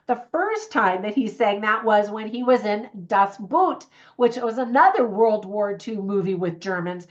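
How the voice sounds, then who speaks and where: A woman's voice: medium pitch, dull audio. A middle-aged woman giving a casual, earnest movie review, chatty and full of fillers and restarts.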